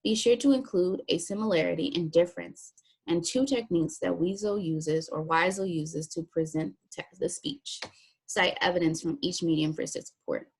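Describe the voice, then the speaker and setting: A woman teacher with a slightly husky voice explains a writing task one step at a time. Her voice sits a little low, and her delivery stays plain and practical as she reads out instructions. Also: normal speed, darkish tone. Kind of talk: recorded classroom lesson walkthrough.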